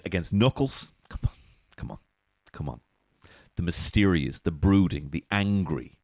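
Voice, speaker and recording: A low-pitched man hosts a comedy podcast. His monologue is loose, sweary and full of chuckles. The voice sits close and dry, with no room sound. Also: a little mellow, dry recording. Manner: profane, giggly and rambling.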